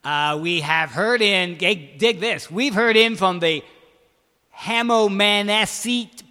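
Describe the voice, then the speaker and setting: A man's voice: sits high, a little slow, pushed and bright, big-room sound. A man hosting a radio music show, talking loosely and rambling with hip slang. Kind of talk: casual radio banter.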